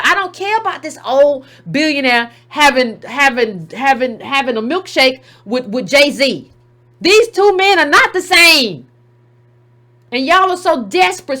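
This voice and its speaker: A woman's voice: sits high, bright, forceful tone. A woman hosting her own commentary show, arguing emphatically with rhetorical questions and mocking impressions of others. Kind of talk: opinionated commentary monologue.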